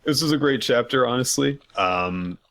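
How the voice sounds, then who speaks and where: A man's voice: medium pitch, animated, normal speed, fairly bright tone. A man co-hosting a casual manga recap chat, joking and laughing as he acts out scenes. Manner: laughing, jokey, acts out quotes. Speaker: podcast co-host.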